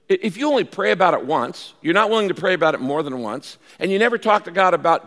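Pastor guy preaching, kinda high voice, acts out the voices in his stories, big echoey church hall. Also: fast, few pauses. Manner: animated storytelling, acts out pleading voices. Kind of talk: sermon. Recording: large hall with long reverb.

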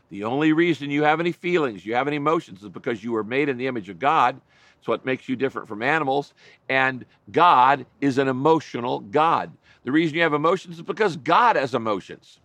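A man's voice: a little high, a bit bright, no echo. Earnest preaching man, dry close sound. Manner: earnest, emphatic preaching with repetition and restarts. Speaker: pastor. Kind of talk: sermon.

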